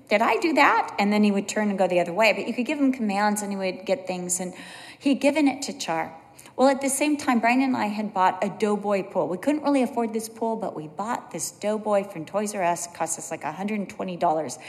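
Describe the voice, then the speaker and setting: A middle-aged woman preaching a sermon, telling a family story with lively acted-out voices. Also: mid-range voice. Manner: animated storytelling, acts out voices. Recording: long hall reverb.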